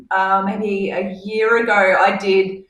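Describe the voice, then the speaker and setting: A woman's voice: mid-range voice, fairly even intonation, slow pace, fairly bright tone, echoey room, far from the mic, low-quality recording. Bubbly Australian woman on a remote line. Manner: bubbly, laughing chatter. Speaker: podcast guest. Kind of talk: casual chat.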